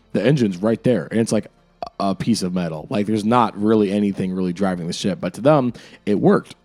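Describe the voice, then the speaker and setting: A man's voice: fairly low pitch, brisk, a little mellow. A young man, a game master, talking casually about his campaign world, rambling with lots of fillers. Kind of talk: casual lore talk. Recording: music in the background.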